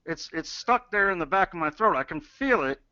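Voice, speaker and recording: Playful man with a lively, bright voice. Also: brisk. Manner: playful, jokey, swings pitch around. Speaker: voice actor and co-teacher. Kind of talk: teaching a class. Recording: dull lo-fi recording.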